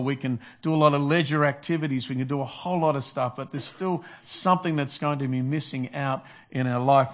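Earnest man preaching a sermon. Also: medium pitch. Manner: earnest preaching with repetitions, rising to emphatic calls. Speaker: pastor.

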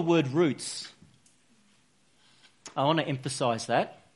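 Male preacher, mid-pitched, earnest and chatty, informal sermon delivery. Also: unhurried. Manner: earnest, conversational, with frequent restarts and "you know".

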